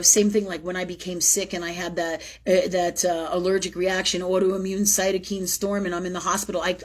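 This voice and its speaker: Woman, spiritual livestream host; low, husky voice, intense confessional monologue with blunt swearing. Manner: emotional, intense, swears freely; repetitive, emphatic phrasing.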